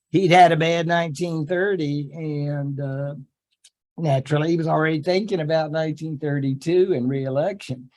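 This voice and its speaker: On a low-quality recording, a Southern-accented older history professor talks to his students in a slightly high voice. The lecture is chatty and funny, sprinkled with folksy asides, and he performs quotations in silly voices.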